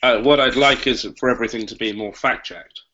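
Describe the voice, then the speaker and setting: A man's voice: mid-range voice, fairly even intonation, a little fast, pushed and bright. A man in a panel discussion who talks bluntly and casually and swears freely. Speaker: Wikipedia editor. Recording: muffled lo-fi audio.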